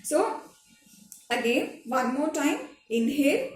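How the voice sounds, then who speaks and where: A woman, a drama teacher giving a slow, patient online lesson to children, repeating each step. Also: high-pitched, expressive, a little mellow. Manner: slow, repetitive, patient instruction. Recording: echoey room, recorded from some distance, faint music behind.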